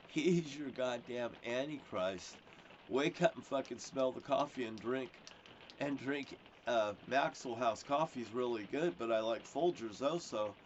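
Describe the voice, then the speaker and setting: Man, rambling rant, heavy swearing, insistent and aggrieved, dull audio, faint hiss. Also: mid-range voice. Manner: profane, swears constantly; rambling, jumps between topics. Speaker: self-proclaimed prophet. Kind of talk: rambling ranting monologue.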